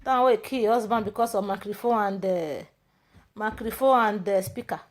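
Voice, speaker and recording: A woman's voice: mid-range voice, normal speed. A woman with a Nigerian Pidgin English accent in a rambling, mocking monologue, confronting a rival and chatting to her viewers. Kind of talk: casual ranting monologue.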